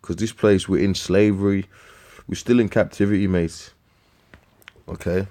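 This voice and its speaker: Guy ranting scripture, low voice, swears a lot, trips over his words. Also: steady tone. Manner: profane, scornful, swings into loud outbursts; slangy, fast restarts and repeated words. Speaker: street preacher.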